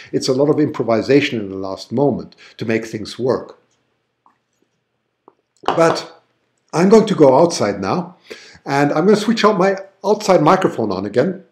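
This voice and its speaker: A man's voice: medium pitch, darkish tone. A man with a German-tinged accent hosting a live stream, chatting enthusiastically and reading out viewer comments. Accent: German-tinged English. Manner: enthusiastic, chatty, exclaims often. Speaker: livestream host and photographer. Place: home, then outdoors at night.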